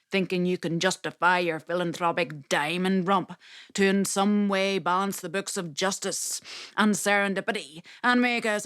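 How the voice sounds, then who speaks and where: A woman's voice: medium pitch, fairly bright tone, smooth, no echo, clean studio sound, close to an everyday voice. A woman voicing a defiant, coarse female street thief who mocks a rich man.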